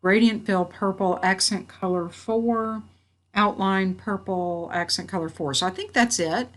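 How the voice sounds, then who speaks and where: A woman instructor walking through a software tutorial, reading out each step and checking her work as she goes. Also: mid-range voice, a little slow. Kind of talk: screen-recorded software tutorial. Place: at a computer.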